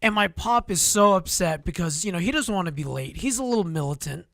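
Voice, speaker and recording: A man co-hosting a talk show who tells rambling, animated stories with many restarts. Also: sits high, a little fast, vocal fry, no echo, clean studio sound. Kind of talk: casual storytelling chat.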